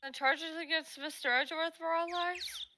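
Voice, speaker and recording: A woman's voice: very high voice, steady tone, normal speed, background noise. A woman voicing a blunt, cheerful young woman sidekick in a fan voice-acting of a game. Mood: chatty.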